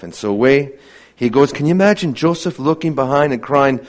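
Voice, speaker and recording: A man preaching a sermon earnestly, asking many rhetorical questions and dropping to a hushed voice for emphasis. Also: medium pitch, expressive, brisk.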